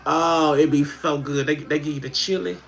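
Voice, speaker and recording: A homey, playful middle-aged Southern woman with an Alabama drawl, as a man puts her on. Her voice sits a touch high, with a gravelly fry, and she coos at her dog between folksy asides to the viewers. It is a casual livestream chat from home. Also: steady tone, moderate pace, fairly bright tone, a little hiss or hum. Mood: chatty. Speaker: livestream host.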